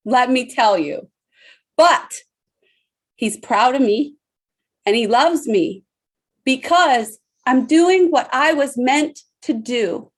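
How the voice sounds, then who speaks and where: A woman in her thirties giving an emphatic motivational leadership talk to an online audience, with dramatic pauses. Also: sits high, expressive. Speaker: leadership speaker.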